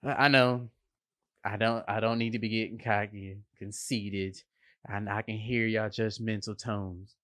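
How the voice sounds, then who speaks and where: A man, a line cook, giving a casual motivational monologue, animated and slangy, with playful emphasis and vocal sound effects. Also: fairly low pitch, a little slow, no room sound.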